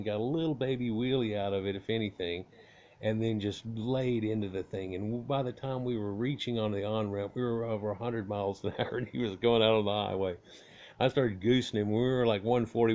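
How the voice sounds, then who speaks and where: A man with a drawl and a somewhat low voice spins a long yarn about an old car. His telling is loose and folksy, full of restarts and casual cussing. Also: a little mellow. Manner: rambling, folksy, swears casually. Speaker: car owner telling a story. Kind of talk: casual storytelling.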